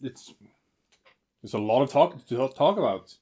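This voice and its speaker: A co-host in a casual movie commentary, playful, breaking into loud exclamations and talking with a full mouth. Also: mid-range voice, lively intonation, a little slow, slightly rough. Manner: playful, loud exclamations, talks while eating. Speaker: podcast co-host.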